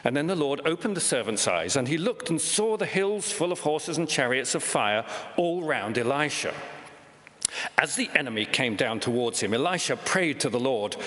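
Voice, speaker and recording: A man giving a church Bible reading, his voice moving lively up and down as he tells the story. His reading rings with a long echo through a large church hall. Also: medium pitch, normal speed. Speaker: scripture reader.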